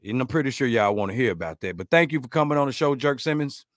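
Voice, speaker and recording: A man hosting a podcast, chatting casually, joking, rambling through stories and giving shout-outs to listeners. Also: medium pitch, lively intonation, fast, no echo, studio quality. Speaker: podcast host.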